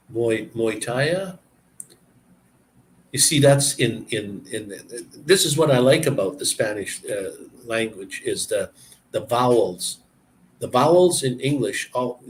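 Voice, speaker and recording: A man chatting casually and explaining words, halting and searching for words as he goes. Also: medium pitch, a little hiss or hum. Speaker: person explaining language to a visitor. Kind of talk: casual chat.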